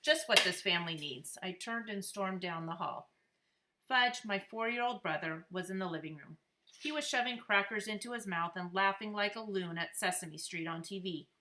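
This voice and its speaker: Woman, storybook read-aloud, expressive, bright tone, mid pitch. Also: normal speed. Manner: lively, expressive narration. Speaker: reader. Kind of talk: children's book read-aloud.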